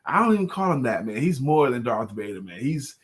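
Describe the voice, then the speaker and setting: A man's voice: mid-range voice, a little fast, slightly rough. A man co-hosting a live talk show, chatting casually and joking in colloquial speech. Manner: lively, animated, colloquial, joking. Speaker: co-host and sales coach.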